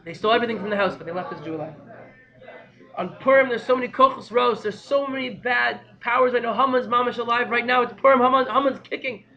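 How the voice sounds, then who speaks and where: High-voiced, excitable man teaching Torah. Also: fast talker, lo-fi sound. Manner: excitable, breaks into shouting, mixes Hebrew and Yiddish terms. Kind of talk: storytelling Torah lesson.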